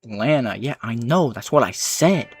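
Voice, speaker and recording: A man livestreaming, reading out chat comments with dry, sarcastic replies and low-key asides. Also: expressive, measured pace, breathy edge, faint music behind.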